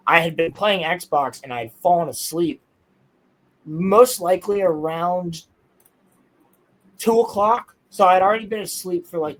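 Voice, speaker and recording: A young man telling a strange personal story in casual podcast chat, excitable, insistent and full of swearing. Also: on the high side, poor audio.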